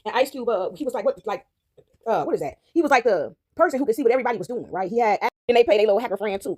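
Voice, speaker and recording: A woman's voice: fairly high pitch, expressive, rapid-fire, a little mellow. A woman in casual vlog chat while working dough, rambling and checking in with "right?" after nearly every phrase. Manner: rambling, repeats "right?" often. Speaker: vlogger. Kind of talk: casual talk while baking.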